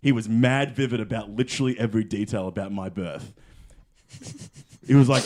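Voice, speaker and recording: A young man co-hosting a podcast, telling a story in casual chat, animated and swearing, acting out quotes. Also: on the low side, fairly quick, pauses often. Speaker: podcast co-host.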